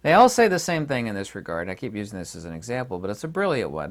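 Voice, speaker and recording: A man's voice: lowish voice, wildly swooping pitch, fast, few pauses. A man giving an unscripted philosophy lecture, emphatic and argumentative, who repeats points for stress. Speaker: channel host.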